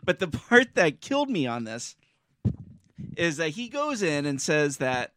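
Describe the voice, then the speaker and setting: A man's voice: fairly high pitch, very animated, unhurried, pushed and bright, no echo, clean studio sound. A man co-hosting a casual podcast, agreeing along and chiming in. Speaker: podcast co-host. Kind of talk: casual reaction commentary.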